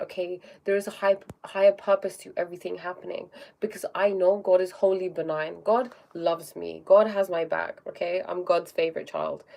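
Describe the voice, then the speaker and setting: A woman's voice: fairly low pitch, gravelly, darkish tone. Female livestream host, spiritual talk, casual and chatty, tags lines with "okay?", greets viewers. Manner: often tags sentences with "okay?"; reads viewer comments aloud and greets them.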